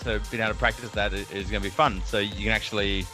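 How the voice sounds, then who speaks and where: An Australian man, a game developer, chatting casually in a relaxed, rambling way with many fillers. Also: fairly low pitch, very fast, music in the background. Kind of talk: casual chat.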